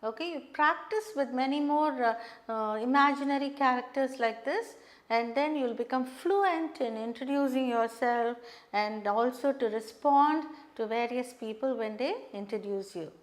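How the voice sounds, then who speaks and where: A woman with an Indian English accent teaching an English lesson, reading dialogue aloud and demonstrating intonation patiently. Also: high-pitched. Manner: slow and patient, stresses rising and falling tones to demonstrate intonation.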